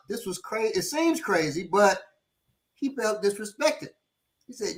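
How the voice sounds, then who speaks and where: Bright, high-pitched man; animated instructor telling stories, curses freely. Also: moderate pace. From Chicago. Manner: animated, swears freely, acts out quoted people. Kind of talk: casual storytelling discussion.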